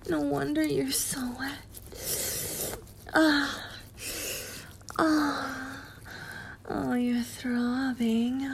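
A woman in a whispered role-play, talking slowly in a teasing, domineering way and often dropping to a whisper. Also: fairly high pitch, creaky, a little mellow, a little hiss or hum. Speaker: audio role-play performer.

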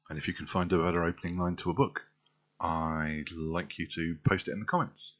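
A man with a low, deep voice and a well-spoken southern English accent, originally from North London. He talks casually to camera, running through a word list with a wry, dry humour. The recording sounds a little muffled and lo-fi. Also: fairly even intonation, fairly quick. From North London, England. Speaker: vlogger doing an accent tag.

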